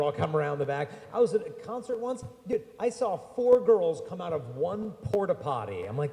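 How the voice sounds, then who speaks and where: A man with a fairly high, mellow voice tells stories to a young crowd in a chatty, animated way. The sound is roomy, with a long church reverb trailing each phrase. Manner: chatty, animated storytelling, slangy asides. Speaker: speaker addressing young people. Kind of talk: lively humorous talk to a live audience. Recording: echoey church hall.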